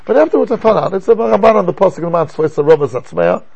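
An older man teaching a class as a rabbi, lecturing in an animated way and asking rhetorical questions. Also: sits high, fast talker, gravelly, husky.

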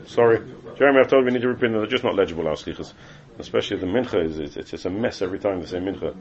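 A man's voice: on the low side, rapid-fire. A man teaches a class on Jewish law, explaining texts and repeating phrases as he goes. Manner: explains texts, switches between English and Hebrew terms, repeats phrases. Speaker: teacher leading a Torah class. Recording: dull lo-fi classroom recording.

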